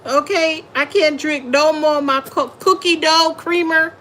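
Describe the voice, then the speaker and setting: Woman tarot reader, slow and drawn out, slangy live-stream chat, quick to laugh. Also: sits high, fairly even intonation, fairly bright tone, slight background noise, low-quality recording. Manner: chatty, laughs often, slangy and blunt. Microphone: phone or webcam on a live stream.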